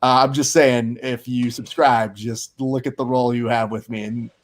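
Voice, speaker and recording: A man's voice: mid-range voice, steady tone, moderate pace. Guy hosting a podcast, jokey and rambly, just chatting. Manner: joking, rambling storyteller. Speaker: podcast host. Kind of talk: casual podcast interview.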